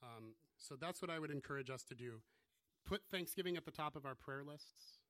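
A man's voice: a little high, brisk, a bit bright, no echo. A man from the US Midwest, preaching a casual, self-deprecating sermon. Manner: conversational, self-deprecating, joking asides. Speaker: pastor.

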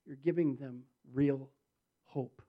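A man's voice: medium pitch, fairly even intonation, takes it slowly, phone-quality sound. A man preaching a sermon, telling a story with acted-out quotes and building into fervent prayer.

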